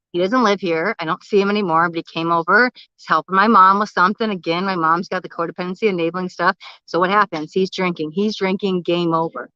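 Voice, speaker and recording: A woman's voice: mid-range voice, sharp tone, no echo. A young woman coaching on a livestream, telling her own story in a candid, emotional way. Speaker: spiritual life coach. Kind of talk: livestream talk. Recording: slightly muffled, lo-fi livestream audio.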